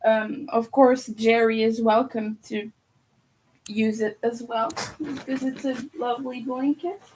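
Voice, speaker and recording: Young woman rambling slow on a live stream, eating and chatting, voice a bit high. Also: steady tone, darkish tone, slight background noise, poor audio. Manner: chatty, talks while eating. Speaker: livestreamer and crocheter. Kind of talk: casual livestream chat.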